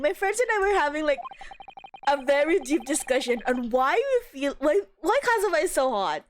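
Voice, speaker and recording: A young woman streamer chatting casually with her viewers, giggly and gushing, breaking into laughter and excitable outbursts. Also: high voice, moderate pace, a little hiss or hum. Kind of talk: casual live gameplay chat.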